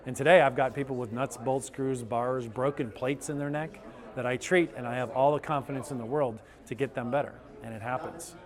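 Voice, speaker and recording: An eager, animated man speaks in a middle-pitched voice. He tells patient stories with energy and breaks into quick impressions of their reactions. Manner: enthusiastic, animated storytelling with quoted patients. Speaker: chiropractor. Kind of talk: testimonial interview.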